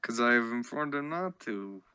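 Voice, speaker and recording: A young man with a bright, crisp voice explains his points earnestly in a casual podcast chat and often finishes his friend's sentences. The audio is dull and lo-fi. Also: mid-range voice, lively intonation, moderate pace. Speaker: podcast co-host. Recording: dull lo-fi sound.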